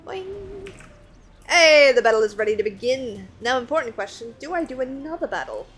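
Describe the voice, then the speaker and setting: A woman's voice: a little high, sing-song, fast talker, a bit bright, breathy edge, faint music behind. A young woman streaming a game, chatting casually and self-deprecatingly with her viewers. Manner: giggly, self-deprecating, talks to chat. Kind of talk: casual livestream chat.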